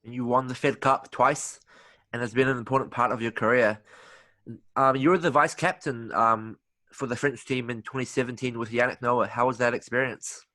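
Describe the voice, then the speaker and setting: A male podcast host puts measured, polite questions to his guest. His voice is bright and forceful, and the recording is dry and close. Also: mid-range voice, fairly even intonation, no room sound. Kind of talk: interview questions.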